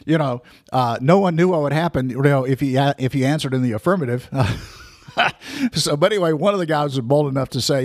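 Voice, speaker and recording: A man in his sixties telling personal memories for listeners, halting with many restarts and fillers. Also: mid-range voice, lively intonation, dry recording, studio quality.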